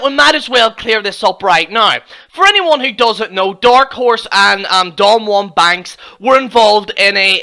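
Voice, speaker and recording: A young Irish man, a wrestling YouTuber, ranting and mocking another channel in a profane, excitable reaction video. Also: high-pitched. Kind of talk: reaction rant.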